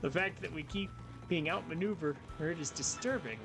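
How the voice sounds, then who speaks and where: A man's voice: fairly high pitch, normal speed, creaky. A man voicing a fretful, scolding old female turtle witch, with game music behind her.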